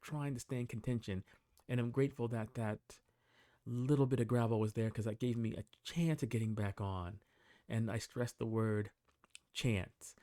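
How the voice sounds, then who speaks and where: A man casually narrating a voice-over of his group bike ride, talking through the action in a relaxed, conversational way. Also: medium pitch, no echo, clean studio sound. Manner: relaxed, conversational play-by-play with small restarts. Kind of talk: casual recorded voice-over commentary. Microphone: desktop voice-over mic.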